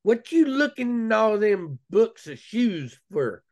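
A gruff old grandmother with a thick West Virginia drawl scolds bluntly in folksy country talk, as a man puts her on. The voice sits higher than a man's usual range and sounds old and loving underneath. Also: big pitch swings, takes it slowly, full character voice.

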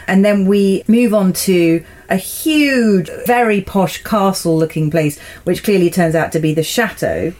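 A woman's voice: medium pitch, measured pace, few pauses, a little mellow. A woman co-hosting a podcast, recapping a television episode in casual chat, amused and laughing often. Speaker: podcast co-host.

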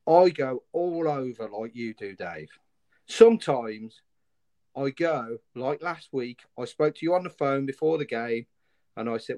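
A man's voice: medium pitch, lively intonation, measured pace, darkish tone. A man speaking as a passionate football fan, angry and emphatic, often repeating himself for force. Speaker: fan guest. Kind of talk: impassioned fan chat.

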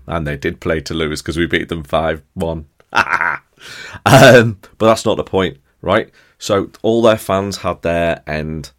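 Chatty low-voiced man. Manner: chatty, jokey, addresses listeners directly with tag questions. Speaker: podcast host. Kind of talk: casual podcast monologue.

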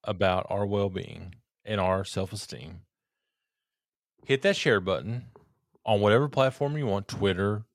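A man's voice: fairly low pitch, unhurried, no echo, studio quality. A man co-hosting a podcast in casual chat, tipsy from drinking, rambling, joking and swearing freely. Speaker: podcast co-host.

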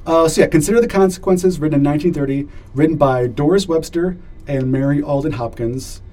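A man's voice: fairly high pitch, a little fast, mellow. A man hosting a podcast in casual chat, upbeat and leading the conversation. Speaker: podcast host.

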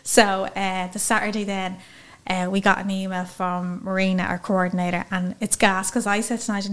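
A woman with an Irish accent, a guest telling a personal story in a lively, chatty way. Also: mid-range voice, moderate pace, few pauses, clear, resonant tone. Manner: chatty, lively, acts out quoted speech. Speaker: interview guest.

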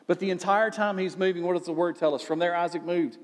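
Guy pastor preaching, chatty, asks the crowd questions, slightly high voice, lots of hall echo. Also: steady tone, fast. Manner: conversational, rhetorical questions. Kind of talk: sermon.

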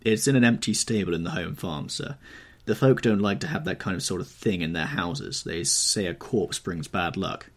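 A man's voice: deep voice, normal speed, few pauses. A man doing a blunt, deferential gamekeeper. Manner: respectful, blunt and rustic. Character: plain, deferential male gamekeeper, older.

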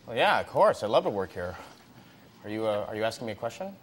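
An actor playing a polite, nervous job applicant in a comedy sketch, hesitant and stammering. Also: male voice, on the low side, sing-song, fast talker, slight background noise.

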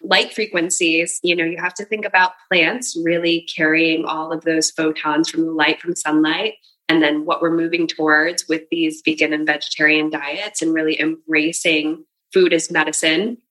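A woman who runs sound baths and Pilates, talking in a relaxed conversation and giving earnest, flowing explanations. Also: deep voice, moderate pace, hardly any pauses, poor audio. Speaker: sound bath and Pilates practitioner. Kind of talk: casual conversation.

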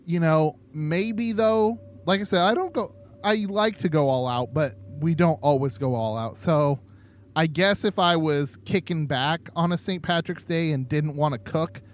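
A man co-hosting a podcast in casual chat, jokey and playful, laughing often. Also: on the high side. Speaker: podcast co-host.

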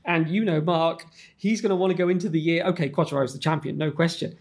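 A man on a racing podcast talks fast in a slightly raised voice. He rambles and loops back, stacking up you-knows and restarts as he works through his thoughts. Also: on the high side, steady tone. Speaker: podcast co-host and racing pundit. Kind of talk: casual podcast chat.

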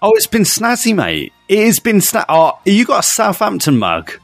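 An excitable young man co-hosts a casual podcast, talking in quick bursts. His pitch leaps about animatedly, and the recording is close and dry, with faint music behind. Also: creaky, no room sound. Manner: chatty and excitable, rushing in bursts. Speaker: podcast co-host. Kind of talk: casual chat.

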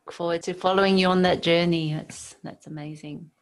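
A woman's voice: lowish voice, steady tone, fairly quick. A woman hosting a podcast, giving short affirming replies and asking questions. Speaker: podcast host. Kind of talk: casual interview chat.

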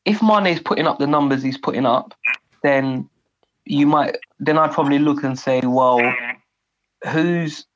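A young man with a slightly high voice lays out football tactics at length, steady and measured. His remote line sounds dull, with a faint hiss. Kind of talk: casual chat about football.

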